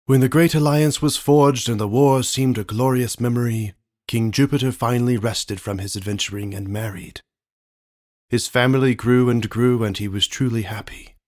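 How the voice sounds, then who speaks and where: A man's voice: medium pitch, steady tone, a little mellow, close to an everyday voice. A man playing a solemn, grieving father rabbit. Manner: earnest, halting, voice breaking with emotion.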